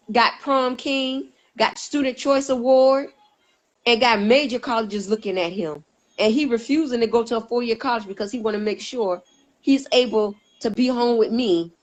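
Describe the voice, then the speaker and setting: A woman with a somewhat high voice tells her personal testimony as a guest. She speaks earnestly and emphatically, acting out the voices in the conversations she recounts. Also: poor audio. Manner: earnest, emphatic storytelling that acts out quoted dialogue.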